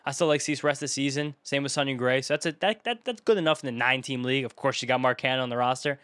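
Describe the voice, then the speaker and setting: A young man talks fast and chatty, rattling off names and grading teams in a casual solo commentary. His mid-pitched voice sits close on the mic in a dry, dead room. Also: fairly bright tone, clear, resonant tone, no room sound. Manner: rapid, chatty, riffing off a list of names. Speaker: fantasy baseball YouTuber.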